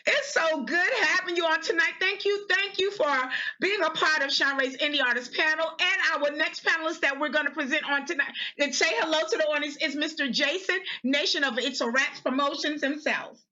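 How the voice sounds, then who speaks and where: A woman's voice: high-pitched, fairly quick, hardly any pauses, bright, forceful tone, lo-fi sound, slight background noise. A woman hosting an online music panel, effusive and exuberant, often repeating her phrases. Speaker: panel host. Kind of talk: enthusiastic live panel hosting.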